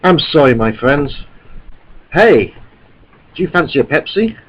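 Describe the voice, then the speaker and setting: A man's voice: a little high, sing-song, unhurried, slightly rough, lo-fi sound, full character voice. A man dubbing a movie clip as a careless man who drove the car drunk, answering in a flippant, offhand way.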